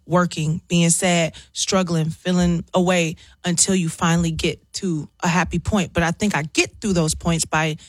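Woman guest, candid and animated, laughs often; dry, close recording. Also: on the low side, moderate pace, hardly any pauses, no echo. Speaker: interview guest. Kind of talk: casual interview chat.

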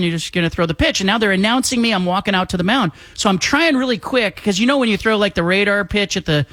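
A man with a notably high voice spins an animated story as a talk-show guest, slipping in the voices of the people he quotes. The sound is dry and close, with no room around it. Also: no room sound. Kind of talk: casual storytelling.

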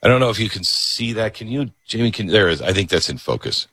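A talk radio host, a man, rants with biting sarcasm and slips into mocking voices. His voice is husky yet forceful, and it swings widely in pitch. The studio sound is dry and close. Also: fast talker, dry recording. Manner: animated, sarcastic, mocks others in put-on voices. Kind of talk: ranting political monologue. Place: broadcast studio. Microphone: studio microphone.

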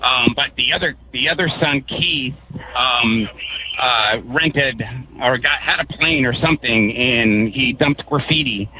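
A man's voice: medium pitch, measured pace. A man from Connecticut calling in to a radio show, rambling through stories with lots of fillers. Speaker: caller. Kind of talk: telling stories on a call-in show. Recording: tinny phone line with faint noise.

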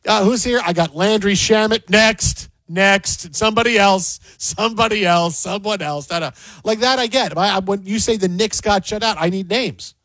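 A man with a high-pitched voice talks sports in a rambling, animated way. He keeps repeating himself as he rides each thought. The sound is dry and close to the mic. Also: normal speed, hardly any pauses, no echo. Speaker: sports radio host. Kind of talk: casual sports banter.

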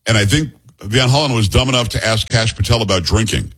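Male talk radio host with a husky, lowish voice. Chatty and opinionated, he runs through the day's news in a loose monologue with quick asides to the studio. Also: fairly bright tone.

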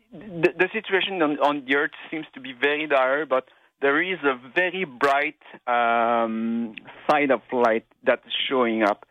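A man's voice: medium pitch, dry recording. French-Canadian man calling in by phone. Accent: Québécois French. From Quebec, Canada. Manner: halting, many restarts and fillers. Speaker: caller. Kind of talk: call-in radio chat. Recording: dry tinny phone line.

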